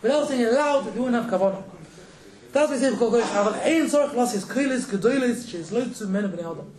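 A man teaching a casual religious lesson, quick and joking, chuckling between points. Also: very high-pitched, expressive, reverberant, a crowd in the background, rough recording. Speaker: rabbi teaching a class.

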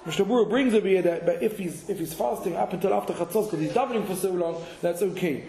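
A man giving a halachic lesson to a class, halting and repeating words as he mixes in Hebrew and Yiddish terms. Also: high voice, gravelly, dark tone. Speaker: Torah teacher. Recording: echoey room.

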